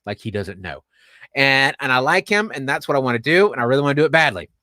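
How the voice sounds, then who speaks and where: Man, podcast host, lively storytelling, bright tone, dry close mic. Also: mid-range voice, fast, no room sound. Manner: animated, laughing, acts out quoted voices. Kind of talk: casual storytelling on a livestream.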